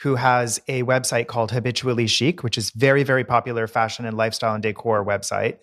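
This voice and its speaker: A man's voice: mid-range voice, fairly even intonation, quick pace, a bit bright. A middle-aged man co-hosting a podcast, telling stories in a casual, talkative way. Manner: chatty raconteur, playful voice impressions. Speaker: podcast co-host, decorator. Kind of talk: casual chat.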